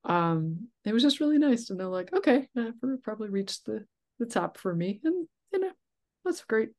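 A woman's voice: on the high side, very animated, moderate pace, darkish tone. A woman talking as a guest in a casual conversation, chatty, with frequent restarts and laughs. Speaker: interview guest, therapist.

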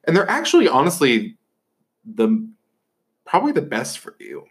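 A man's voice: mid-range voice, wildly swooping pitch, moderate pace, husky. A young man from Northeast Ohio hosting a casual chat, rambling and sarcastic, swearing freely. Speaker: host.

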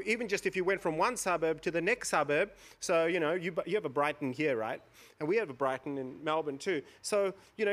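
Higher-voiced man telling stories on stage. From India. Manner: animated, acts out voices from his story, laughs often. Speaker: panel guest. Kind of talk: storytelling on a stage panel. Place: stage before a live audience.

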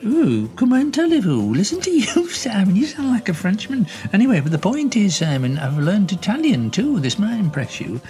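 A giggly elderly lady, played by a man, chatters on in a comic phone-in sketch. Her voice sits high and leaps about in lively swoops. She natters breathlessly. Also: moderate pace, few pauses, soft background music. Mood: chatty. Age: older. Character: chatty elderly woman living alone, giggly. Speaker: caller.

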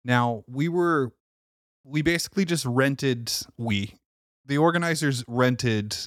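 Co-hosting a podcast, a man tells stories in casual chat and laughs often, a chatty storyteller at heart. His voice is medium in pitch and slow in pace. The recording is dry, with a clean studio sound.

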